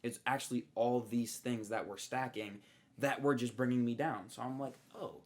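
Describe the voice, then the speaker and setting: A young man co-hosting a podcast in casual chat, slangy, swearing and animated as he tells stories. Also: medium pitch, normal speed. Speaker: podcast co-host.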